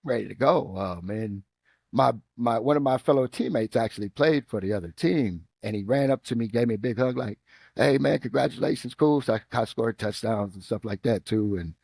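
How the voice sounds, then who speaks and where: A middle-aged man with a Midwestern American accent, a podcast guest telling football stories in a lively, casual way. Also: brisk, creaky, dry recording. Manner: animated storyteller, acts out quotes with rising pitch. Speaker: guest, former football player and coach. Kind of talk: casual storytelling interview.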